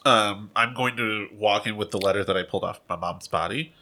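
A man's voice: lowish voice, a little fast, sharp tone, a little hiss or hum. A man playing a character in a tabletop game, speaking in a dry, matter-of-fact way. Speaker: player. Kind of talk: tabletop game role-play.

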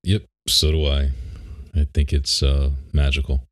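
A man's voice: rumbling low, little pitch movement, unhurried. A young man co-hosting a podcast, chatting in a laid-back, rambling way and laughing often. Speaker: podcast co-host. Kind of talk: casual chat. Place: home office.

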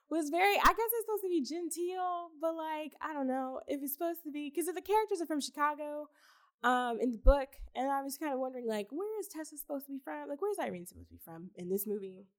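Talking fairly quickly in a high-pitched, animated voice, a young woman co-hosts a podcast about a film. The chat is casual, with frequent laughter, swearing, and lots of fillers.

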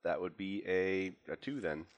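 Deep-voiced joking man at a game table. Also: a little slow. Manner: joking, playful. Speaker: player. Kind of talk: casual tabletop game chat.

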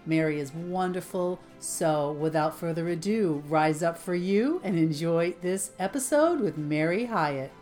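Woman, podcast host, somewhat low pitch, affirming interviewer, soft music behind. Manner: affirming, encouraging.

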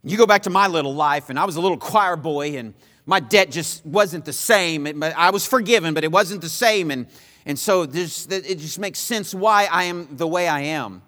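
A man preaching a sermon, emphatic and repetitive, swinging between loud pleas and hushed lines. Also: fairly high pitch, moderate pace, in a large hall.

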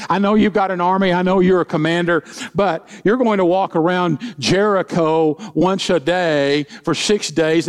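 A middle-aged man preaching as senior pastor, in a folksy way with joking asides and acted-out quotes. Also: high voice. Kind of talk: sermon with humorous stories.

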